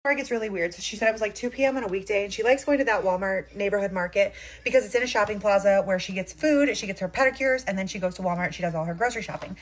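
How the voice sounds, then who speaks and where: Woman host, chatty storytime, very quick pace, middle pitch. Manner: fast, chatty retelling. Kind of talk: storytime reaction.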